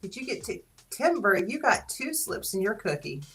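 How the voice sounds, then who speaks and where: A woman with a Southern US accent hosting a casual live stream, playful and teasing, quick to laugh. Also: mid-range voice, very animated, a bit bright, husky, soft background music, poor audio. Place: small studio.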